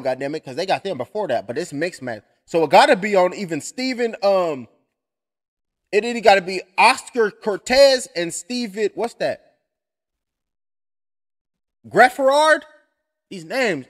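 A man doing loose, profane, clowning commentary while waiting for a fight. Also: high voice. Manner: loud, joking and profane, keeps clowning. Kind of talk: casual live-stream commentary.

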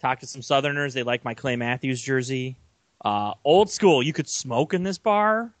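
A young man co-hosting a casual sports podcast, telling long rambling stories with animated energy. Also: mid-range voice, moderate pace, no echo. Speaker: podcast co-host.

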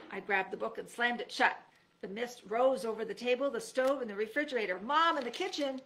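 A woman who works as a teacher reads a children's storybook aloud, jumping her voice up and down to act out each character. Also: moderate pace. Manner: lively, voices each character with pitch jumps.

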